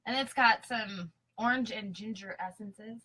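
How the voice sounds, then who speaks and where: A woman's voice: medium pitch, a little slow, pushed and bright, slightly rough, rough recording. A woman co-hosting a casual chat, giggly and chiming in with offhand remarks. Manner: giggly, chimes in, offhand swearing. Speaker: podcast co-host.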